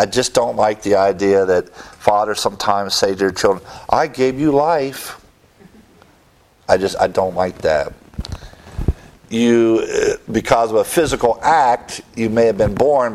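A middle-aged male preacher delivering a sermon, emphatic and rising in pitch when he presses a point.

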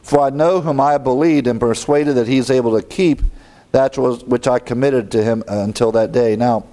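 A man's voice: medium pitch, moderate pace, warm tone. Man preaching an expository sermon. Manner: earnest teaching tone, quotes scripture and asks rhetorical questions.

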